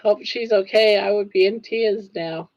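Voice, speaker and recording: An older woman hosts a relaxed livestream, reading comments aloud and chatting back at an unhurried pace. She laughs easily and sounds openly moved. Her voice is close and dry, with no room sound. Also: medium pitch, dry recording, muffled recording. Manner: chatty, laughs often, emotional and touched. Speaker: livestream host.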